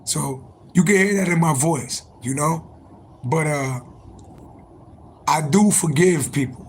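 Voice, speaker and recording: Speaking slowly with long pauses in a fairly high voice, a livestream host and spiritual reader talks casually to viewers. Born in January and an adult, he curses frequently and repeats himself emphatically in a strained voice; sirens, horns, slight hiss or hum, and rough audio round out the clip.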